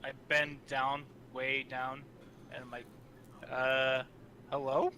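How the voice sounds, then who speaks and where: A man's voice: medium pitch, little pitch movement, a little slow, pushed and bright, a little hiss or hum. A man playing in a tabletop game, talking in a brash way and acting on impulse. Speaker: player. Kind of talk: casual chat at a game table.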